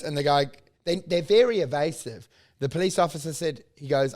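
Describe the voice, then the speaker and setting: A man's voice: fairly high pitch, brisk. A man telling a story in casual chat, acting out each line he quotes. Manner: animated anecdote teller, acts out quotes.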